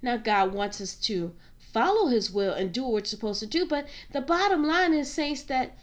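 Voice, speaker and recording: A woman preaching a sermon, fervent and direct, calling her listeners saints and queens. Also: high voice.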